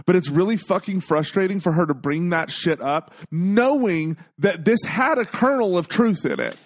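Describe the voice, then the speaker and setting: Male co-host, higher voice, blunt and emphatic, dry close mic. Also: moderate pace, no room sound. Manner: blunt, emphatic, swears freely. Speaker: podcast co-host. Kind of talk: casual chat.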